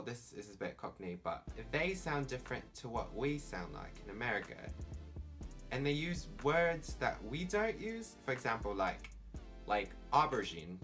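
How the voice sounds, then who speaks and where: With a lowish, fairly bright voice, a young Southern Californian vlogger rambles casually, saying "like" again and again. Faint music can be heard in the background.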